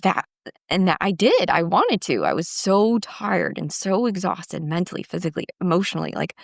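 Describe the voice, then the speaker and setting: A woman's voice: lowish voice, gravelly, dry recording, clean studio sound. A woman in her forties, a guest candidly telling her own story, reflective, with frequent restarts and fillers. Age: 40s.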